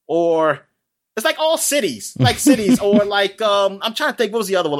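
A man talking in a casual, rambling chat, animated and full of fillers, laughing often. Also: high voice, a little fast.

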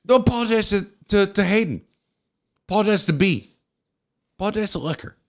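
A man's voice: high-pitched, lively intonation, fairly quick. A tired man hosting a podcast, talking in blunt, combative, profane casual banter. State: tired from lack of sleep. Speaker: podcast host.

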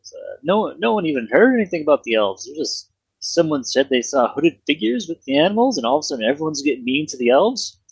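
A man's voice: high voice, big pitch swings, a little slow, vocal fry, husky, no room sound, voice pushed up, heavily acted. A man voicing a shifty male pub owner in a jokey Canadian-style accent during a tabletop game. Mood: chummy. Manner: chummy, cheeky overcharging banter. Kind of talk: tabletop role-play voice.

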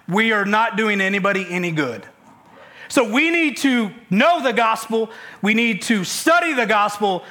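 A male pastor preaching a sermon to a church service, energetic and conversational, with many fillers and restarts. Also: very high voice.

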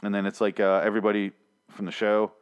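A man's voice: lowish voice, completely flat delivery, fast, clear, resonant tone, dull audio. A man recapping a TV episode in a casual, profane, exasperated rant, mocking the characters in put-on voices. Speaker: TV episode reviewer.

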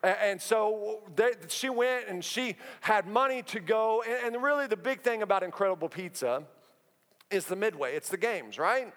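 A man in his thirties with a notably high voice preaches to his congregation, mixing jokes and personal stories into the sermon. His relaxed, chatty delivery rings out in a big church hall with a long, trailing reverb. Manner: humorous, conversational storytelling with quick asides. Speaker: pastor. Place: church auditorium.

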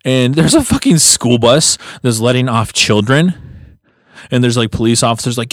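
Animated man telling a wild story. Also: moderate pace, no echo, studio quality. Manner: animated, acts out quotes with big pitch jumps. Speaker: podcast co-host. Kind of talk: casual storytelling.

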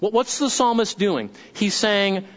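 Male pastor with a high voice, preaching conversationally, on a dull lo-fi recording. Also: animated, measured pace, fairly bright tone. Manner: conversational, asks the congregation questions. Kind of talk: sermon.

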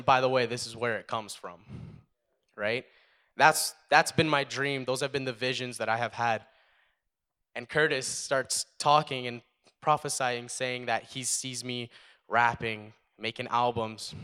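A man's voice: mid-range voice, sharp tone, clean tone. Earnest young man sharing testimony. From United States. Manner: earnest, halting, many fillers. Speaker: testimony speaker. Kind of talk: personal testimony.

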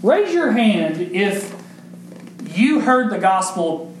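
Male pastor, high voice, emphatic sermon delivery, echoey sanctuary with faint hiss. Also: sing-song, takes it slowly. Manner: preaching with emphatic rises and questions to the congregation. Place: church sanctuary. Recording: echoey church room with faint background noise.

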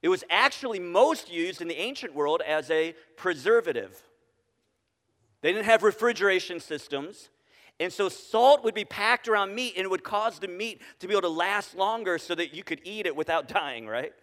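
A man's voice: high-pitched, expressive, moderate pace, a bit bright, long reverb tail. A man preaching a conversational sermon to his congregation, asking them questions as he goes. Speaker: pastor. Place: church sanctuary.

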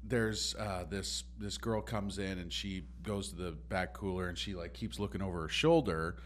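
A man telling a story in a relaxed, animated way, acting out the other people's lines. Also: sits low, moderate pace, a little hiss or hum. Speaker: podcast guest. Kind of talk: casual storytelling.

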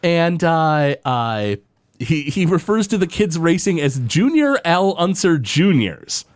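Animated man recapping an episode. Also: a little high, slow pace, no room sound, clean studio sound. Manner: animated retelling with playful character voices. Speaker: podcast co-host. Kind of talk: casual episode recap chat.

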